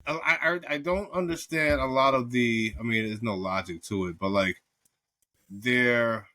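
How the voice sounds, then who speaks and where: A man with a bright, forceful voice chats casually about an old movie, swearing freely and laughing as he retells scenes. The sound is close and dry, with no room around it. He sounds like a podcast co-host riffing with a friend. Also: medium pitch, a little slow, dry recording. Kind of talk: casual movie review chat.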